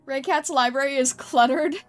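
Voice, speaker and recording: A woman's voice: high voice, moderate pace. A woman streamer chatting casually with her viewers, greeting them and thinking aloud as she edits artwork. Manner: bubbly, greets chatters warmly, thinks aloud while working. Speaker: streamer and artist. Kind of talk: casual live-stream chat while drawing. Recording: faint music behind the voice. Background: faint background music.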